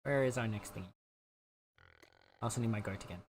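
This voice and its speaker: A man's voice: on the low side, a little fast, a little hiss or hum. A man livestreaming a game, chatting casually and reassuring his viewers as he answers their chat. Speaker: game streamer.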